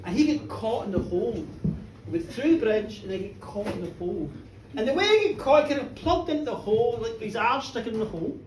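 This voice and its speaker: A middle-aged woman telling a comic folk tale live, cheeky and animated, chatting with her audience. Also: on the high side, quick pace. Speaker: storyteller. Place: pub bar, live show. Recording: roomy pub, from a distance, faint room noise.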